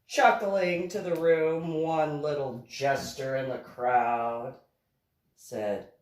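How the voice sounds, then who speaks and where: A woman, an author, reading her own novel aloud slowly and deliberately. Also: steady tone, a little mellow. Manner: slow, deliberate reading with a wide pitch swing. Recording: echoey room, far from mic.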